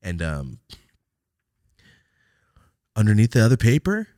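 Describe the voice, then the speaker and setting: A man hosting a podcast, telling a story in a profane, animated way and acting out both sides of the exchange. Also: on the low side, slow pace, dry recording, studio quality. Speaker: podcast host. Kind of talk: casual storytelling chat.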